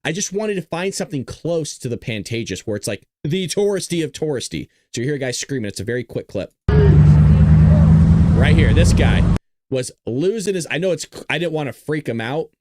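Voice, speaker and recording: A man's voice: on the high side, big pitch swings, moderate pace. A man hosting a podcast, talking casually and rambling to viewers while he plays his own video clips. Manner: rambling, talks straight to viewers. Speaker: podcast host.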